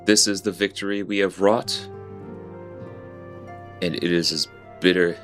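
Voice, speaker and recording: A man reading the lines of a solemn young noble scholar from a game, in a formal, measured way. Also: deep voice, fairly even intonation, fairly bright tone, soft background music. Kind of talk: reading game dialogue aloud.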